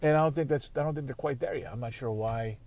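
A man's voice: mid-range voice, fast talker, vocal fry, darkish tone. A man hosting a casual solo sports podcast, rambling and swearing freely. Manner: rambling, profane, conversational. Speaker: podcast host.

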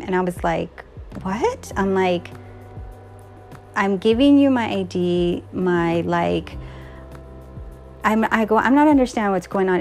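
Gravelly woman telling a story. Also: lowish voice. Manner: animated retelling, quotes others in dialogue, laughs now and then. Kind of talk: casual storytelling.

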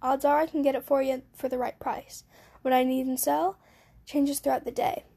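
A woman voicing a shady schoolboy dealer with a smooth, salesman-like pitch. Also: level tone, normal speed, warm tone, exaggerated voice. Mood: dealing.

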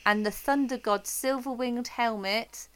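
A woman's voice: on the high side, a little slow, clean tone. A woman co-hosting a podcast in playful casual chat, reading a news story aloud. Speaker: podcast co-host.

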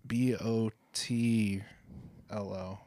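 A man with a voice pitched a little low co-hosts a podcast in relaxed, casual chat. He is jokey and rambling and swears offhandedly. The recording is dry and close to the mic. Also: very slow, no room sound. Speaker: podcast co-host.

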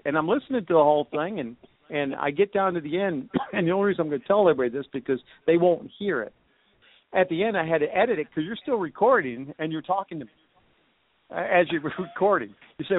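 A man's voice: a little high, lively intonation, fairly quick. A man hosting a casual call-in show, talking in a rambling, chatty way with many fillers. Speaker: podcast host. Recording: dry tinny phone line.

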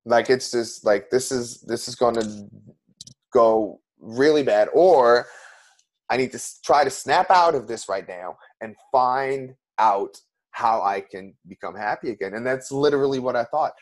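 A man's voice: mid-range voice, measured pace. A man, an interview guest, telling a personal story in an earnest, emotional way with many restarts.

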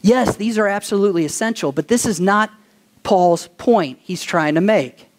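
High-voiced man preaching a sermon. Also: normal speed. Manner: asks the congregation questions for call-and-response; animated storytelling. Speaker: pastor.

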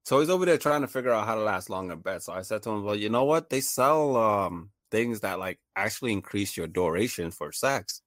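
A man's voice: fairly low pitch, animated, a little fast, few pauses, fairly bright tone, dry recording, studio quality. A man telling a funny story in casual chat, laughing often and acting out the voices of the people in it.

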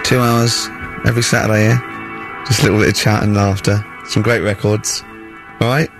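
A man's voice: on the low side, steady tone, moderate pace, over music. A man hosting a radio show, teasing and mocking his co-hosts in casual banter from a studio. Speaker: radio host.

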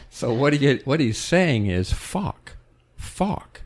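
A man co-hosting a podcast in casual chat, telling animated stories and imitating other people's voices. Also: medium pitch, slow pace. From New England. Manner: animated storyteller, imitates voices, laughs often. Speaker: podcast co-host.

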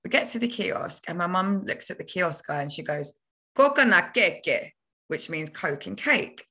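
A young woman, a podcast guest telling stories from her childhood in a lively, chatty way. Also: lowish voice, normal speed, husky. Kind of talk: casual storytelling.

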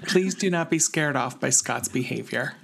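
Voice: mid-range voice, moderate pace, creaky, a bit bright. A podcast host chatting casually, joking and teasing a guest.

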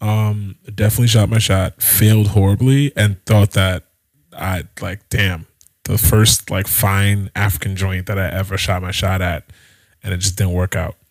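A man's voice: low-pitched, little pitch movement, normal speed, no room sound. A young man co-hosting a podcast, telling stories in laid-back casual banter. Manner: laid-back, laughs often. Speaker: podcast co-host.

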